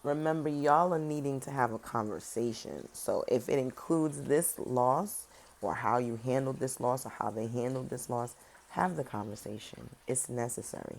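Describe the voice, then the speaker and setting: Very deep-voiced sassy woman reading tarot. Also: moderate pace, gravelly. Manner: sassy, direct, talks straight to viewers; animated, swings between loud emphasis and soft serious tones. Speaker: tarot reader. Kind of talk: casual tarot reading to viewers.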